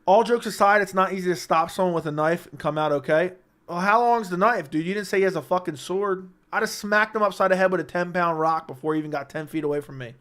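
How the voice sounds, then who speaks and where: A man's voice: high-pitched, quick pace, a bit bright. A young man hosting a late-night casual livestream, bantering with his chat in a brash, profane, joking way. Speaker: livestream host.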